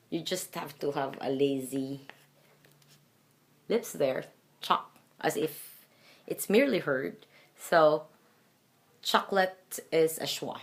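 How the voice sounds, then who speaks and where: Woman, Filipino accent, pronunciation lesson, low voice, unhurried, repeats example words. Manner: slow, deliberate, demonstrating sounds with repeated examples. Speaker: English fluency trainer.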